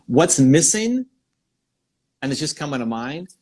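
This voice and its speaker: A man hosting a live stream, giving energetic advice and thinking out loud in quick bursts. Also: on the high side. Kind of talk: excited live-stream coaching chat.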